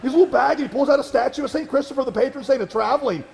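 A man preaching a sermon as a pastor, telling a story in a conversational way, halting with fillers and restarts. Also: very high-pitched, vocal fry, in a large hall, noisy background.

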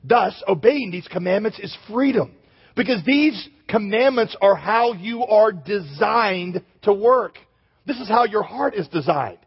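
A man preaching a sermon to a congregation in an animated, joking way, often turning to the listeners. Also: high voice, unhurried, breathy edge, in a large hall, dull audio. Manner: animated, joking, addresses the audience directly.

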